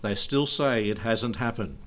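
A man's voice: on the low side, animated, unhurried, a bit bright. A middle-aged man preaching as a pastor in an informal, digressive way, chuckling often between his points. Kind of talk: informal sermon.

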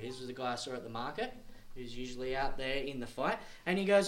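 A man preaching a sermon, moving between quiet, low storytelling and loud, insistent warning. His pitch rises and falls widely as he works up to his points. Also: lively intonation, fast, a little hiss or hum. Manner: storytelling, rising to emphatic preaching.

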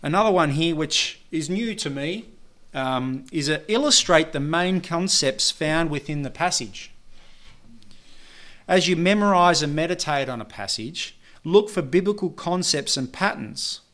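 A man preaching a sermon, talking in a measured, earnest way and often pausing on fillers and restarts. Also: a little high, animated, fairly bright tone. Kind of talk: sermon teaching.

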